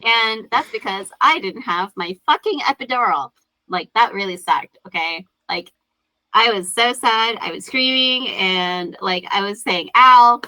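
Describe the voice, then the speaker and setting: A woman in her thirties, a guest on a podcast, chatting casually in an animated, profane way and acting out quotes as she tells stories. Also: medium pitch, measured pace, no room sound, rough recording.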